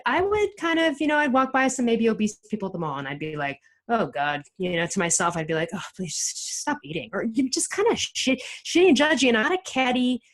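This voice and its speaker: A middle-aged woman, a guest author on a podcast, telling her story in an animated, emphatic way with many restarts. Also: medium pitch, low-quality recording. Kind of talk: casual interview chat.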